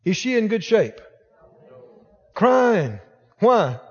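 A man preaching a sermon as pastor, exhorting the congregation and rising to shouts. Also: very high-pitched, sing-song, moderate pace, in a large hall, highs cut off.

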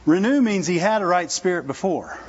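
A man's voice: high voice, animated, a little fast. A man preaching a sermon in a conversational, folksy way, often asking his listeners rhetorical questions. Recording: dull lo-fi recording.

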